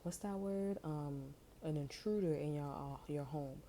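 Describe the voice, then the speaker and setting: A woman with a low, mellow voice talks through a tarot reading in loose, slangy street talk. She tells the story as she goes and keeps jumping into the voices of the people in it. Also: a little slow, slight background noise. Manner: slangy, animated storytelling, acting out quoted voices. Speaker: tarot reader.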